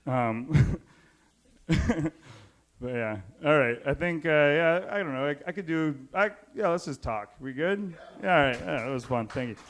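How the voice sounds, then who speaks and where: A man's voice: a little high, lively intonation, measured pace. A man doing stand-up on a live stage, chatting loosely with the crowd and laughing at his own jokes. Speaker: stand-up comedian.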